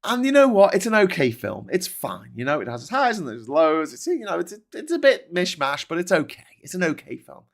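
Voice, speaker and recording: Male host, rants and swears, voice a bit higher than most men's. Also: wildly swooping pitch, a little fast, gravelly, few pauses. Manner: sweary, ranting. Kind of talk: casual ranting chat.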